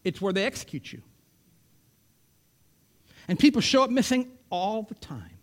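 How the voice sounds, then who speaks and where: A male preacher delivering a sermon in a high, lively voice that soars and falls. He moves between loud, emphatic declarations and sudden hushed whispers. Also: a little slow.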